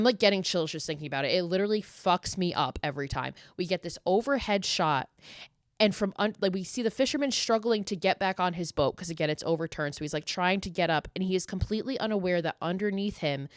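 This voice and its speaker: A woman's voice: fairly low pitch, dry recording, studio quality. Emphatic woman in her late twenties, swearing freely. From US East Coast. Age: late 20s. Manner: emphatic, profane, animated storytelling. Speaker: podcast host. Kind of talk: casual solo podcast monologue.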